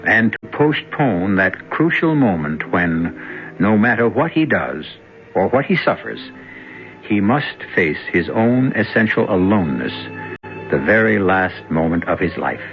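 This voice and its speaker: A radio drama host narrates in a solemn, deliberate manner. His low voice rises and falls. The old broadcast sounds dull, with soft music behind. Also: expressive.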